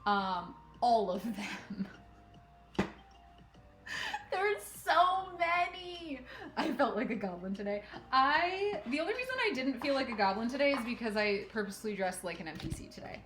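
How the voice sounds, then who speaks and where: Sorting thread at home, a woman hosts a crafting livestream and keeps up a giggly, casual chatter aimed at herself and her cat. Her fairly high voice is very animated and moves at a normal pace. There's background noise, some echo in the room, and faint music.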